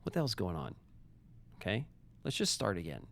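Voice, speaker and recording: A man with a fairly low voice chats his way through a puzzle game on a live stream. He rambles, restarts sentences and teases his viewers as he goes. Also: huge pitch swings, moderate pace, vocal fry. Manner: rambling, joking with chat, trailing restarts. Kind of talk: casual live-stream commentary.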